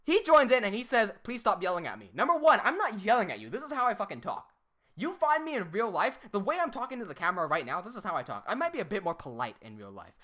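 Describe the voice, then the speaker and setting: A woman hosts a livestream and rants about a rival, cursing freely and breaking into laughter. Her voice is animated, with a wide-swinging pitch. She's a little tipsy and keeps getting more worked up. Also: quick pace. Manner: heated, profane ranting with frequent laughter. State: a bit tipsy from drinking. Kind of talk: livestream rant.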